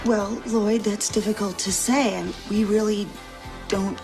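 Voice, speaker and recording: A polite, tactful young woman, played by an actress in a comedy film. She speaks gently at a middle pitch and hedges her words. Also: steady tone, unhurried, music in the background, natural voice. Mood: gentle.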